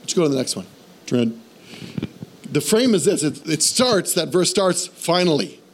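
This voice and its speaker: A man preaching in a church with a fairly high voice. He talks in a lively, conversational way, often turning to the congregation with questions. His delivery moves between quick bursts and slower, emphatic phrases. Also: a little hiss or hum. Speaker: pastor. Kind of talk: sermon.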